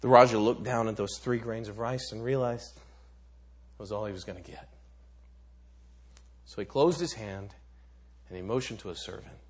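A man's voice: fairly low pitch, normal speed, long pauses, breathy edge. A man preaching a sermon, telling a story dramatically with some stammered restarts.

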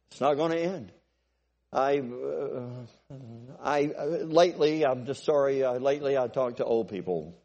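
An older man preaching a sermon to a congregation, swinging from loud exhortation to quiet, musing asides and asking for amens. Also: mid-range voice, measured pace.

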